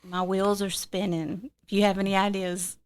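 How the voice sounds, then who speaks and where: A young woman with a Southern American drawl chats as a podcast guest. Her voice sits at a middle pitch and stays lively and talkative as she tells stories. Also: moderate pace, over a noisy crowd. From Mississippi, USA. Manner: chatty storyteller, lively and laughing. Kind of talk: casual conversation.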